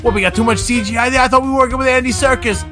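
A man's voice: extremely high pitch, steady tone, rapid-fire, over music, pitched above the performer's own voice. A man putting on the voice of a pushy movie studio executive with brash, wheeling-dealing patter.

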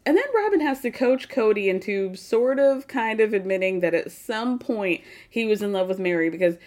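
A woman's voice: medium pitch, lively intonation, normal speed, darkish tone. A woman hosting a podcast, recapping a reality show in casual, sarcastic commentary and swearing freely. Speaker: podcast host.

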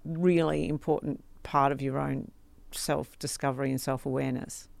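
Australian woman podcast host, low gravelly voice, dry close sound, chatty and laughing. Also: steady tone, moderate pace, a little mellow, no echo. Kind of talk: casual podcast conversation.

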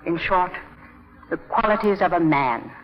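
A flattering, scheming schoolteacher. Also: female voice, on the low side, unhurried, faint music behind. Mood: persuasive. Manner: sweetly flattering and persuasive. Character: clever, scheming village schoolteacher woman, middle-aged. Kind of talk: 1950s radio drama acting. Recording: dull old 1950 radio broadcast.

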